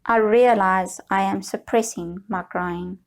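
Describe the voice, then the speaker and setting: A woman guiding viewers through a slow, soothing tapping session, leading them in repeated affirmations. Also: medium pitch, steady tone. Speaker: EFT tapping guide.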